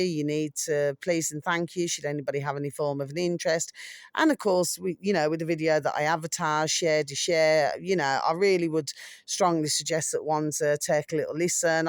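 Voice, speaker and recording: A woman's voice: low voice, no echo, studio quality. A middle-aged woman from South Africa hosting a casual opinion monologue, chatty and repetitive, fond of endearments for her viewers. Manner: chatty, repeats "my delicious little babies". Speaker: channel host.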